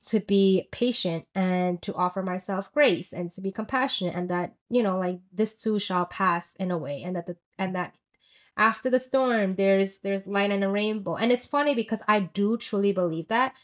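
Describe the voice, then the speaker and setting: A woman's voice: medium pitch, moderate pace. A young woman telling a personal story in a chatty, candid way, with lots of filler words. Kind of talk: casual confessional storytelling.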